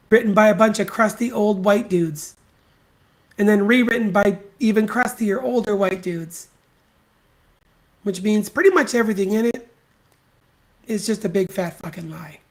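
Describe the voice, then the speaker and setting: Ranting solo on his podcast, the host offers his opinions in a mid-range voice, blunt and scornful and laced with profanity. He hammers each point home through emphatic repetition.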